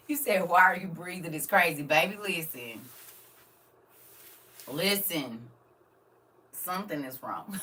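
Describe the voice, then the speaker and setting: Bright-voiced, animated middle-aged woman. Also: medium pitch, moderate pace, breathy edge. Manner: animated and emotional, swinging between quiet musing and loud exclamations; chatty, laughs often, addresses viewers directly. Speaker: livestream host. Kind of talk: casual live-stream chat to viewers.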